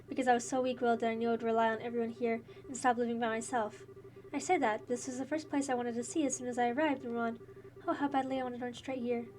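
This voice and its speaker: A woman reading the earnest inner monologue of a gentle young woman student, with faint game music behind. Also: on the high side, recorded from a distance, a little hiss or hum, lightly acted. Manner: soft, earnest, reflective.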